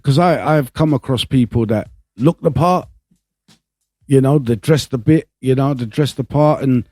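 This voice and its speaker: Guy co-hosting, mellow dark voice, says you know constantly, dry sound. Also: medium pitch, normal speed, dry recording. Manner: keeps saying "you know", teasing banter. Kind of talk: casual chat.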